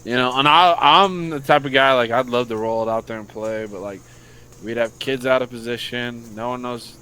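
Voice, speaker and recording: Profane, animated American man. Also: mid-range voice, normal speed, clear, resonant tone, rough recording. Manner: loose, profane storytelling. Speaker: podcast co-host, youth football coach. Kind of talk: casual chat.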